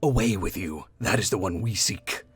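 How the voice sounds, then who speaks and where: A man's voice: sits low, normal speed, husky, dry recording, voice pushed down. A man voicing a cold, formal hooded stranger in a tabletop game. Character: low solemn hooded male stranger.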